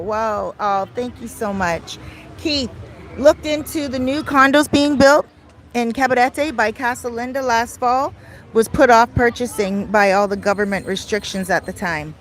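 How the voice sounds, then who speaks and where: A woman's voice: a little high, a little slow. A middle-aged Canadian woman with a Canadian accent, chatting casually on a beach livestream and reading viewer comments aloud. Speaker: vlogger. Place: outdoors on a beach. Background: faint outdoor street noise.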